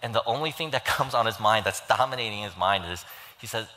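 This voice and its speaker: A man's voice: on the low side, fast, bright, forceful tone. A man preaching a sermon in earnest, pleading tones, retelling a story and acting out its voices. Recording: long hall reverb.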